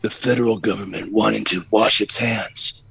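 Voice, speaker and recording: A man putting on a grim male government official who speaks slowly in a low half-whisper. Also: steady tone, creaky, sharp tone, husky, dry recording, full character voice.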